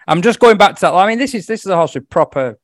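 A man's voice: high-pitched, animated, no echo. Chatty racing tipster man, dry sound. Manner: quick, chatty form analysis with jokes. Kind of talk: casual podcast chat.

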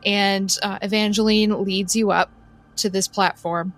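Woman, game master, slow unhurried storytelling, soft music bed. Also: medium pitch, steady tone. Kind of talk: narrating a tabletop game.

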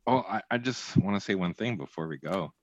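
A man's voice: sits low, animated, fairly quick, no room sound, highs cut off. A man co-hosting a casual podcast chat, laid-back and joking, swearing casually. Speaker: podcast co-host.

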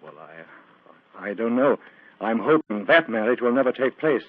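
A man's voice: medium pitch, big pitch swings, a little slow, breathy edge, no room sound. An anxious, earnest clergyman. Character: agitated, earnest male clergyman. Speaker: reverend. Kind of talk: 1940s radio acting. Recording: tinny, dry old radio broadcast.

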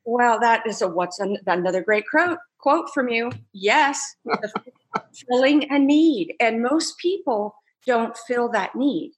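Woman guest, animated storyteller, laughs often, fairly high voice. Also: slow pace. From United States. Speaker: entrepreneur guest. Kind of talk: casual storytelling interview.

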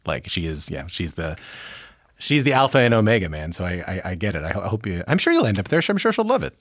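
A man's voice: deep voice, big pitch swings, quick pace, no room sound, clean studio sound. A man hosting a casual interview, chatting candidly. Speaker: host.

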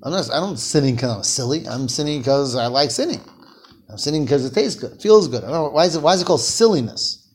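A man's voice: mid-range voice, expressive, fairly quick, husky. A man leading a text-study class, reading Hebrew phrases aloud, translating them and asking his students questions. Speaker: Torah teacher.

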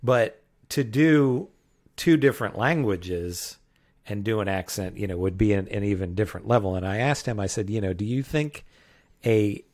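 A man's voice: lowish voice, lively intonation, normal speed, darkish tone. A man co-hosting a podcast, reviewing a film in casual chat, rambling and hesitant. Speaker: podcast co-host.

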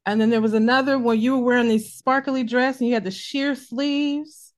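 A woman's voice: on the high side, steady tone, moderate pace. A woman with a Midwestern accent hosting a casual interview over a video call, bubbly and laughing often. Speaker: interviewer, host.

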